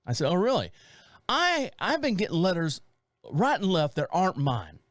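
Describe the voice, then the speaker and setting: A man's voice: high voice, moderate pace, no room sound, clean studio sound. A man in his forties co-hosting a casual chat, telling a story and quoting his neighbor in voices. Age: 40s. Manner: animated storyteller, quotes neighbor in put-on voices. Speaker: podcast co-host.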